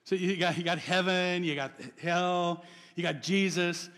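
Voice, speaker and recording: A man preaching with a high, ringing voice that carries a long reverb tail, as if he stands in a large hall. He swings between loud emphatic phrases and quiet, hushed lines, and keeps asking his listeners questions. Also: steady tone, unhurried. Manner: asks the audience questions. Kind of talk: sermon.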